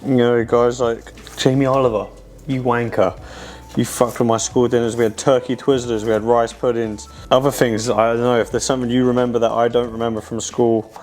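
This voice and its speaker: Sweary bloke cooking at home. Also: male voice, mid-range voice, flat delivery, brisk, darkish tone. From England. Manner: sweary, rambling, self-mocking. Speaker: pro fighter cooking on his channel. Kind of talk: casual cooking vlog chat. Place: home kitchen.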